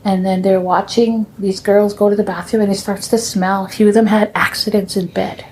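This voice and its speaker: A woman telling her family's stories in a gentle, unhurried way, with soft pauses. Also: medium pitch, level tone, slight background noise. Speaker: storyteller.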